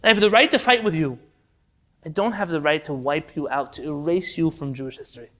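A man teaching a Torah class in an impassioned lecture, swinging from loud rhetorical questions to quiet, intense pleas. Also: fairly high pitch, fairly quick.

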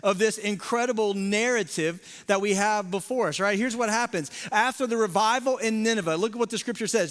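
A man preaching a sermon as lead pastor, swinging from loud emphasis to hushed near-whisper, with conversational asides to the congregation. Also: high-pitched, a little fast, few pauses. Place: large church sanctuary. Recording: long hall reverb in a large sanctuary.

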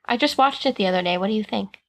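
A woman's voice: mid-range voice, fast talker. A young woman as a podcast guest in casual chat, playful and teasing. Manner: teasing, playful, laughs often.

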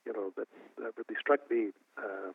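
An older man from New Brunswick, Canada, recalling a personal story in an interview, halting with many restarts. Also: lowish voice, steady tone, vocal fry, slightly rough, narrow, tinny audio. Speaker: interview guest. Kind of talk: emotional personal recollection.

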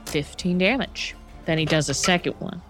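A woman narrating a tabletop game as game master, unhurried and often laughing. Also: on the low side, a bit bright. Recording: faint music underneath.

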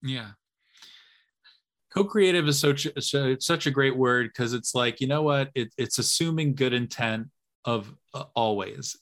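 A man's voice: mid-range voice, a little slow, fairly bright tone. A man hosting a casual chat, rambling with many fillers and acting out quoted people. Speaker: podcast host.

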